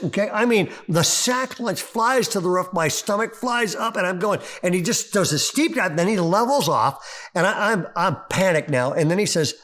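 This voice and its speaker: Guy pastor preaching, kinda higher voice, gets all worked up telling stories. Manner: animated storyteller, voice climbing when excited. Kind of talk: sermon.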